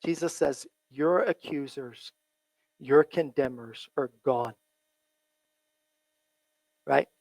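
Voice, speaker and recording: A man preaching a sermon in a church, earnest and repetitive, often asking "right?" and dropping low and soft when he quotes. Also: takes it slowly, vocal fry, pauses often, dry recording, poor audio. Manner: earnest, repeats phrases, asks "right?" often. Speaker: pastor.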